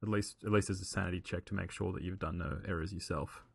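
A man hosts a casual podcast chat, talking earnestly with lots of "um"s and restarts. His voice sits low with a gravelly edge. The recording is dry and close. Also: steady tone, quick pace, no room sound. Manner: earnest, explanatory, with many fillers and restarts. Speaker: podcast co-host.

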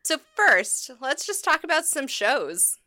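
A woman's voice: sits high, big pitch swings, slow pace, sharp tone, no echo. A woman co-hosting a podcast, chatting sarcastically, swearing and laughing often. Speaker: podcast co-host. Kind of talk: sarcastic casual chat.

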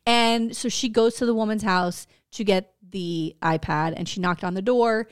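A woman co-hosting a casual podcast, talking bluntly with plenty of swearing and animated storytelling. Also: mid-range voice, normal speed, smooth, no room sound, studio quality. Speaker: podcast co-host.

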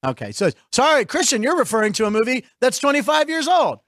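High-voiced joking male show host. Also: big pitch swings, fairly bright tone. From Pittsburgh. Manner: joking, rambling, quick asides to the chat. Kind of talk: casual comedic radio chat.

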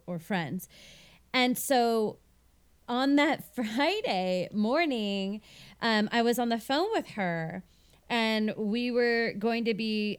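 A woman's voice: medium pitch, smooth. A woman who works as a wedding planner, chatting casually and telling a story with animation. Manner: animated storyteller who acts out the people she quotes. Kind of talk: casual podcast chat.

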